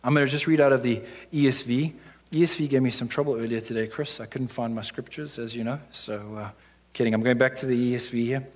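A man's voice: medium pitch, steady tone, fast talker. A man preaching a sermon to his church in a conversational way, often checking in with "right?".

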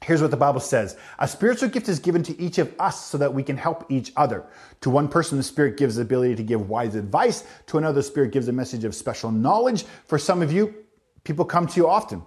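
A man's voice: medium pitch, expressive, fast talker, darkish tone. A man preaching a sermon to his congregation, talking directly to them and acting out little asides. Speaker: pastor.

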